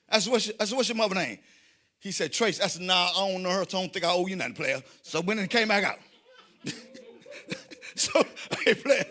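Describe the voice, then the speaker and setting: A man doing a stand-up comedy routine, telling stories to a live audience, acting out the people he quotes and shouting his punchlines. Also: high voice, quick pace. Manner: animated storytelling, acts out quoted voices, shouts punchlines; addresses the audience directly.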